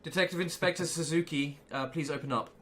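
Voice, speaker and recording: A man's voice: on the high side, fairly even intonation, fast talker, fairly bright tone, lightly acted. A man voicing a stern, officious female police detective inspector.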